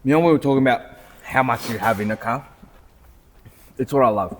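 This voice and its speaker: A man's voice: medium pitch, fairly quick, a little hiss or hum. Man rambling in reverberant showroom. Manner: rambling, restarts often, swears casually. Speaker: car salesman and podcast co-host. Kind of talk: casual chat. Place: car showroom.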